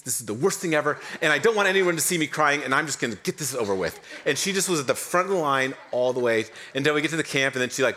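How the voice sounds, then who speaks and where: A young adult male pastor tells a personal story from the pulpit in a lively, self-deprecating way. He talks at a middle pitch, with plenty of ums and uhs between his lines. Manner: animated, self-deprecating storyteller with frequent fillers. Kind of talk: sermon storytelling.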